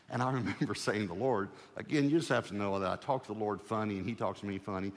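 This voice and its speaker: Low-voiced preacher telling a story. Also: male voice, fast talker, hardly any pauses, long reverb tail. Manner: lively storyteller who acts out his own dialogue with the Lord. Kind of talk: sermon testimony storytelling.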